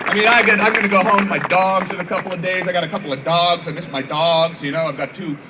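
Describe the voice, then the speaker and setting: A man's voice: high-pitched, fairly even intonation, fast talker, a loud crowd. Rambling man doing stand-up outdoors. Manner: rambling storytelling, acts out voices, frequent swearing. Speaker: comedian. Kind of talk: stand-up comedy for troops. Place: outdoor military base show. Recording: far-off mic, noisy open-air ambience.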